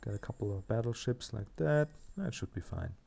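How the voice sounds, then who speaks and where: Gravelly man narrating gameplay. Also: lowish voice, lively intonation, moderate pace, dark tone, slight background noise. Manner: chatty, self-mocking, thinks aloud. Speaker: let's play host. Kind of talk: casual gameplay commentary.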